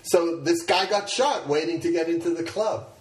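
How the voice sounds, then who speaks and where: A man's voice: a little high, moderate pace, faint music behind. A male comedian chatting casually and telling stories, often restarting his sentences. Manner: conversational, with stammered restarts. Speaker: stand-up comedian. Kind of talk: casual storytelling chat. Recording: echoey room, far from mic.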